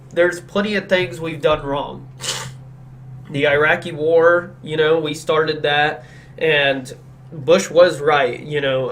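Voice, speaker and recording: A man's voice: on the high side, fairly bright tone, a little hiss or hum. A man hosting a podcast, chatting casually about politics in a blunt, opinionated way and agreeing emphatically. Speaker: podcast host.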